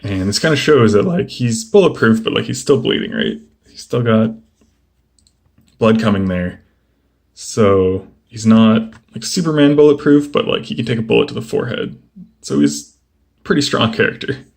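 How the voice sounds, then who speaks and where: A young man casually flipping through a comic book and chatting about each page, relaxed and rambling with lots of fillers. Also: mid-range voice, moderate pace, gravelly. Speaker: comic book video host.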